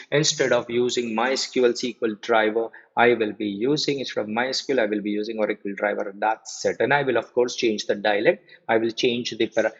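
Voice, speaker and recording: A man in his forties teaches a live technical class, pausing to repeat key points and quiz his students. His voice is a bit husky and sits at an ordinary middle pitch. The recording is muffled and lo-fi. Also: fairly bright tone. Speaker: software trainer. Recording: muffled lo-fi audio.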